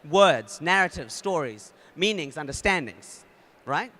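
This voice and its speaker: A man with a New Zealand accent speaking at a conference, casual and energetic, with many fillers and restarts. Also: on the high side, unhurried. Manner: energetic, leads the audience in a game. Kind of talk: conference talk.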